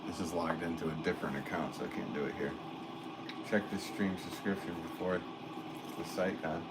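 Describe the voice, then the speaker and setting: A middle-aged man, a potter hosting a casual livestream, reading out chat comments in a relaxed, rambling way with fillers and soft chuckles. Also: low voice, brisk, heavy background noise.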